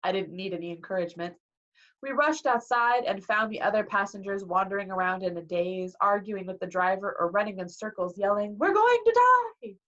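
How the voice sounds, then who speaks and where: A woman reading a novel aloud in a lively way, acting out the dialogue, on a dull lo-fi recording. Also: medium pitch, a little fast. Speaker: reader.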